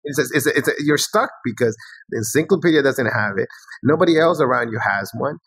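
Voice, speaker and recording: Middle-aged male host, lowish husky voice, dry close sound, eager and repetitive. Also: lively intonation, fast, a bit bright, no echo, low-quality recording. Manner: enthusiastic, repeats phrases. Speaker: podcast host. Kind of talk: casual interview chat.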